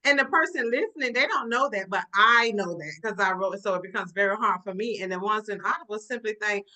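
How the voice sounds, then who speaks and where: Woman, author, bright tone, casual book club chat, chatty. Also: medium pitch, fast, rough recording. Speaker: guest author.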